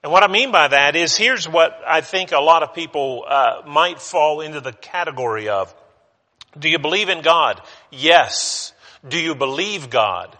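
A man's voice: a little high, expressive, unhurried, pushed and bright. A male preacher giving a conversational sermon. He restarts his sentences often and leans on fillers. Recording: long hall reverb.

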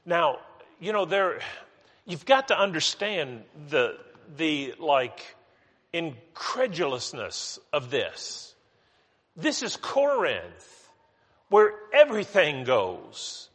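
A man's voice: fairly high pitch, very animated, slow pace, a bit bright, husky. A man from West Virginia, teaching a Bible study sermon in a conversational way with many restarts and asides. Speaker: preacher. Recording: long hall reverb.

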